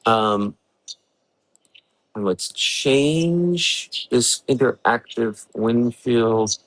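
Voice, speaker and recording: A man's voice: mid-range voice, expressive, extremely slow, fairly bright tone, poor audio. A man hosting a live severe weather briefing at home in the early morning, talking casually and thinking aloud with fillers while he works the maps. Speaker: weather forecaster hosting a livestream.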